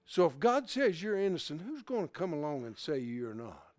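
An older man preaching a sermon in a folksy way, swinging from hushed asides to loud shouts. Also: a little high, big pitch swings, moderate pace, no room sound.

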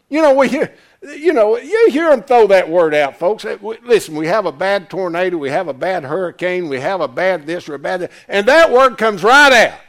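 An older man preaching a folksy, emphatic sermon, swinging from loud to quiet. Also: high voice, vocal fry. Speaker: pastor.

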